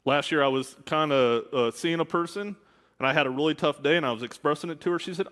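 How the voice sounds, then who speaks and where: A man's voice: on the high side, fast talker, fairly bright tone. A man preaching a sermon as a minister, speaking candidly and conversationally with asides. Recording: long hall reverb.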